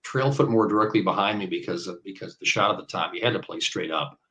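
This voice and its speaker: A man's voice: low-pitched, fast talker, fairly bright tone, low-quality recording. A man in his fifties from Iowa, a bowler chatting as an interview guest, rambling with many fillers and tangents. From Iowa, US Midwest. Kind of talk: casual interview chat.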